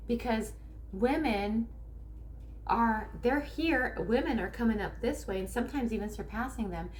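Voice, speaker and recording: Woman from Northern California, a tarot reader rambling off the cuff in a slightly higher voice, with faint background hiss. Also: a little mellow. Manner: rambling, with restarts and acted-out quotes; slows down to stress key points. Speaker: spiritual coach and tarot reader. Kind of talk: casual monologue to camera.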